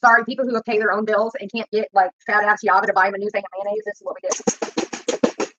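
A woman's voice: mid-range voice, fairly even intonation, fast talker, background noise. A woman YouTuber ranting in a profane, confrontational, rambling way while she cooks at home. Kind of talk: ranting while cooking on a livestream. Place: home kitchen. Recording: dull lo-fi sound, dry.

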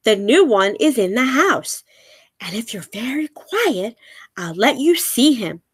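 A woman voicing a gentle, curious little boy in a storybook, with a very high, bright childlike voice. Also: big pitch swings, a little slow, slightly rough, heavily acted. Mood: cheerful.

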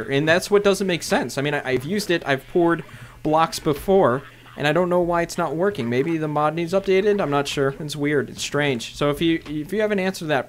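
A young man casually narrating his own game play to viewers, chatty and bursting into loud excited shouts. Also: on the high side. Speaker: gaming video host. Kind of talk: casual Minecraft let's play commentary.

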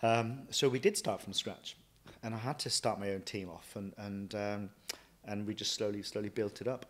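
A man, a chef and restaurant owner, telling stories from his career in a lively way, often acting out what he thought and said. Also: lowish voice, normal speed. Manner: lively anecdotal, quotes himself often. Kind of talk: casual interview storytelling.

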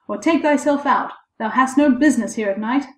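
A woman voicing a fearless, simple-minded young man who speaks loudly and earnestly. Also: fairly high pitch, animated, moderate pace, close to an everyday voice. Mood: challenging. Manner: loud, earnest, blunt. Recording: echoey room.

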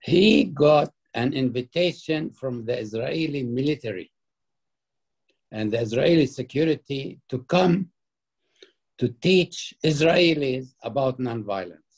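Older storyteller type, a man with a husky, mellow voice who acts out dialogue in his anecdotes. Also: medium pitch, animated, unhurried. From Palestine. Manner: anecdotal, laughs while telling, acts out quoted dialogue. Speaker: interviewee. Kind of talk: storytelling in an interview.

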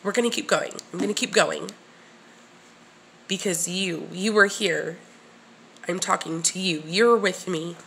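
A woman's voice: on the low side, measured pace, gravelly, long pauses, fairly bright tone, a little hiss or hum. A woman recording her first vlog at her desk, nervous and shaky, rambling with restarts and whispered asides to herself. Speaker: channel creator. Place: home room at a desk. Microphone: at her desk facing camera.

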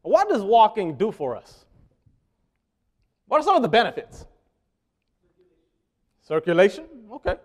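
Pitched a little above the typical male voice, this preacher converses with the congregation, asking questions and waiting for answers. His pitch swings hugely, his pace is measured, and he pauses often. Some words come out loud while others fall into quiet asides.

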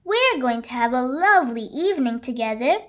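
A woman reading a children's story and voicing a fussy, kindly hen baby-sitter who scolds gently. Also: high-pitched, expressive, brisk.

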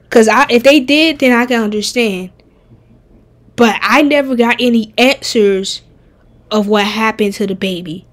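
Woman streamer talking game characters, blunt and swearing, kinda high voice. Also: a little slow. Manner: blunt, profane, animated. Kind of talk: casual game tier-list chat.

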